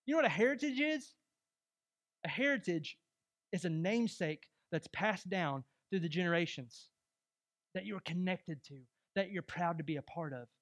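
A young adult man preaching a sermon as pastor, emphatic and rising to loud exhortation. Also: high-pitched, expressive, normal speed.

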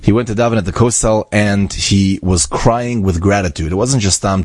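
A man with a low, husky voice tells an inspirational story, acting out each character and sprinkling in Hebrew and Yiddish words. The recording is close and dry, with no room sound. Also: moderate pace, few pauses, no room sound. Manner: animated, acts out quoted voices, drops in Hebrew and Yiddish words.

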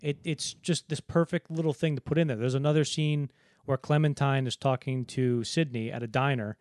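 A man co-hosting a film podcast in casual chat, rambling and acting out movie lines in quick put-on voices. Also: medium pitch, steady tone, darkish tone, dry recording, clean studio sound. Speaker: podcast co-host.

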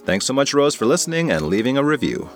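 A man's voice: mid-range voice, big pitch swings, quick pace, soft background music. A man narrating a goofy children's story in a playful, comic manner. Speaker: podcast storyteller.

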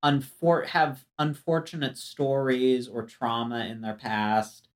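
Podcast co-host, casual chat, meandering storyteller, mid-pitched voice. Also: level tone, slow pace.

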